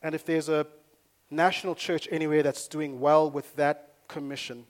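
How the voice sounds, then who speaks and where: Energetic preaching man, rather high voice. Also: normal speed. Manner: energetic, storytelling, rising to loud emphasis. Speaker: pastor. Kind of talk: sermon. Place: church in Nairobi.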